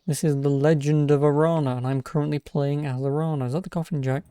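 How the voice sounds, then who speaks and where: A man's voice: on the high side, steady tone, quick pace, dark tone, clean tone. A man giving casual, sarcastic gameplay commentary as a streamer. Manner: wry, sarcastic. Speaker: let's play streamer.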